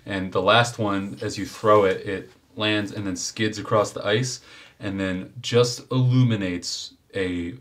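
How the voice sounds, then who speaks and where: A man with a very low voice runs a tabletop game, narrating the scene at an unhurried pace. He thinks aloud as he goes, with frequent fillers and restarts. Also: steady tone, a bit bright. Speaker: game master.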